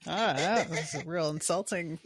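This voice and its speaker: A woman's voice: deep voice, moderate pace, slightly rough, dry recording. A woman co-hosting a podcast, recapping book chapters casually with dry humor and acted quotes. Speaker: podcast co-host.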